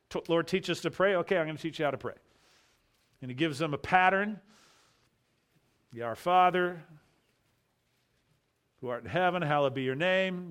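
Emphatic male preacher, slightly high voice. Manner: emphatic, rhetorical questions, drops to quiet asides. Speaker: pastor. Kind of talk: expository sermon.

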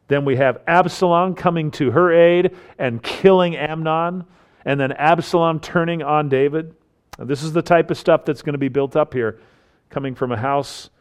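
A man teaching through a Bible passage, explaining its culture and acting out the quoted lines with rising emphasis. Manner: animated, acts out quoted lines with rising pitch and force. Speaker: preacher.

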